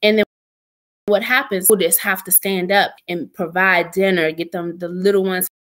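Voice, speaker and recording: A woman's voice: on the low side, steady tone, normal speed, a bit bright. A young adult woman giving an earnest, emotional personal testimony as a podcast guest, often quoting her own prayers.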